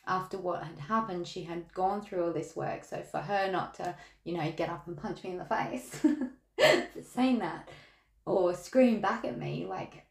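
A woman's voice: fairly low pitch, measured pace, creaky. An Australian woman reading tarot cards in a casual podcast, talking candidly and chatting through stories. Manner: candid, chatty storytelling with laughs. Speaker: tarot reader. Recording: echoey room.

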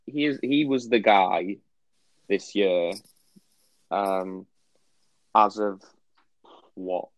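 Low-voiced British man, dry close sound. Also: drawn-out words, long pauses, no room sound, low-quality recording. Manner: animated, stumbling restarts. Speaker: podcast co-host. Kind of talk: casual football chat.

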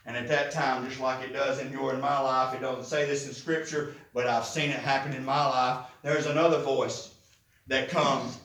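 A man's voice: mid-range voice, level tone, moderate pace, fairly bright tone, reverberant, recorded from a distance, poor audio. A man preaching a sermon as pastor, with rising, impassioned emphasis and lots of repetition.

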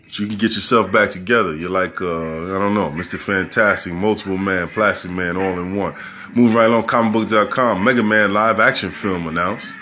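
A man's voice: low-pitched, a little fast, pushed and bright, slight background noise. A man hosting a podcast, riffing brashly and rambling through news stories with constant swearing. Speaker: podcast host. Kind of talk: profane news commentary podcast.

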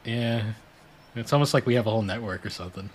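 A man's voice: fairly low pitch, quick pace, slight background noise. A young man from New England co-hosting a podcast in casual chat, dry and teasing. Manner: dry, teasing, matter-of-fact. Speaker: podcast co-host.

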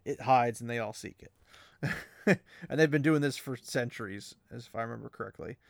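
A man's voice: medium pitch, a little fast, vocal fry, no echo, clean studio sound. Chatty young man on a podcast. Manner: chatty, laughs often, many fillers. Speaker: podcast co-host. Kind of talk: casual chat and reading a novel aloud.

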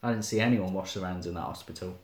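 A man's voice: low-pitched, quick pace, reverberant. A man in casual chat, with wry, laid-back banter.

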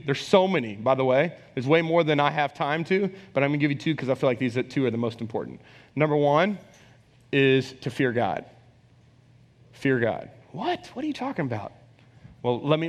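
A man preaching a sermon as pastor, conversational and animated, talking straight to the congregation. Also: on the high side. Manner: conversational, animated, acts out quoted voices. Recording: long hall reverb.

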